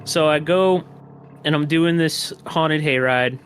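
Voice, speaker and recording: A man's voice: a little high, slow pace, a bit bright, a little hiss or hum. A man guesting on a podcast, telling a story in a casual, rambling way with lots of fillers, restarts and swearing.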